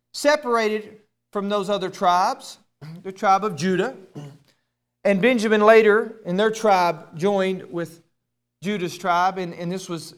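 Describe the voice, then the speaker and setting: High-voiced man preaching a sermon. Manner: stammering word repeats, building to emphatic shouts. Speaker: pastor.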